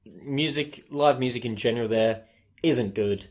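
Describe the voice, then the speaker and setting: A young Australian man co-hosting a relaxed podcast. He talks in a halting, self-deprecating way, filling gaps with ums. His voice sits at an ordinary middle pitch for a man. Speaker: podcast co-host. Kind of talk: casual chat.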